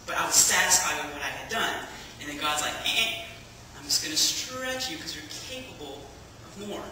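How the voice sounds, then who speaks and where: Bright-voiced woman telling a testimony. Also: on the low side, fairly quick, a little hiss or hum. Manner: lively storyteller who acts out dialogue and laughs often. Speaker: speaker giving a testimony. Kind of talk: personal testimony to a church audience. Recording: echoey hall, from far off.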